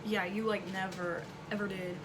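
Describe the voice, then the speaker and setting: Chatty woman with mid pitch. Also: flat delivery, normal speed, fairly bright tone. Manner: chatty, many "like" fillers. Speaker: vlogger's daughter joining the talk. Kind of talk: casual conversation. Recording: clear background noise.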